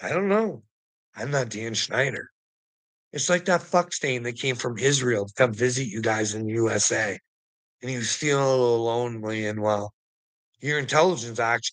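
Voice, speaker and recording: A man's voice: medium pitch, fairly bright tone, no echo, low-quality recording. A man in an angry, profane commentary rant, firing off rhetorical questions and mocking taunts. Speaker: vlogger.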